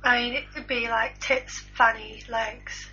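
A woman's voice: on the high side, level tone, unhurried, sharp tone, slightly rough. A woman co-hosting a casual homemade chat show, trading crude jokes about celebrity gossip. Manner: crude, joking banter. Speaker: podcast co-host. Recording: lo-fi home recording.

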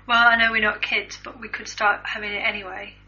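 A woman's voice: medium pitch, flat delivery, fairly quick, bright, forceful tone. A woman co-hosting a casual chat show, gossiping about tabloid news with giggles. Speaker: co-host. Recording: dull lo-fi recording.

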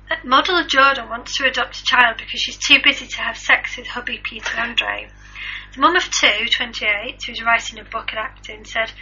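Woman, radio co-host, playful, sceptical, high, husky, dull lo-fi sound. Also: pushed and bright. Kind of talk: casual chat reading out news stories.

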